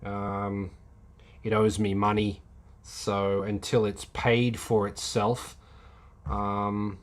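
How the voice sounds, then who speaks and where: A man casually answering viewer questions on a live stream, hesitant with many pauses and ums. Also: fairly low pitch, flat delivery.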